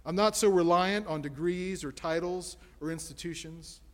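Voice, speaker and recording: Male pastor, slightly high voice, emphatic sermon cadence, rhetorical questions, long sanctuary reverb. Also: normal speed. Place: church sanctuary.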